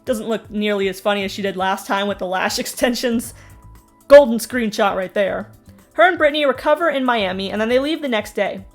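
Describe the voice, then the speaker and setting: A woman's voice: mid-range voice, a little fast, soft background music. A young woman giving snarky, sarcastic recap commentary on a reality show, with mocking asides. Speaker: TV recap host.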